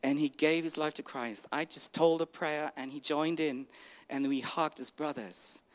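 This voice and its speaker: A man shares a personal testimony before a congregation, his voice sitting a touch high for a man. He talks haltingly, stopping and restarting often, and slips into the voices of the people in his story as he recounts their exchanges. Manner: halting, frequent restarts, acts out the dialogue. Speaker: church member giving a testimony.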